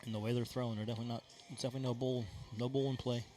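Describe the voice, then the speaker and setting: A man giving live color commentary at a darts tournament, casual and quick with joking asides. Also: medium pitch, little pitch movement, warm tone, slight background noise.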